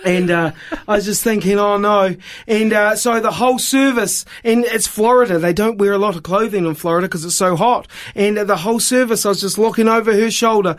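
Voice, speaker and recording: Upbeat New man, high voice, animated self-mocking raconteur. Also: a little fast. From New Zealand. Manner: lively, self-mocking storyteller. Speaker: evangelist guest. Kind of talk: animated storytelling.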